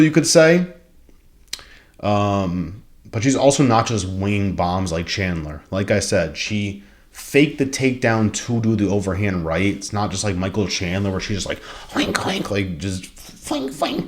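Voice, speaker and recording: Young male betting host, lowish voice, loose profane rambling delivery with excitable spikes. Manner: rambling, profane, excitable, with sound-effect bursts. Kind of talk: casual fight predictions vlog.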